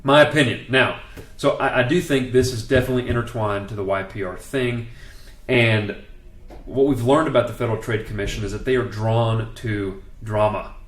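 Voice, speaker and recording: A man's voice: medium pitch, steady tone, moderate pace, reverberant. A man giving casual, opinionated commentary, emphatic and full of restarts. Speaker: commentator on network marketing law.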